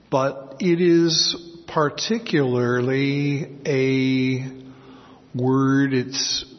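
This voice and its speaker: A man teaching through a Bible passage verse by verse, slowly explaining words and stressing the key ones. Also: medium pitch. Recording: dull sound with long hall reverb.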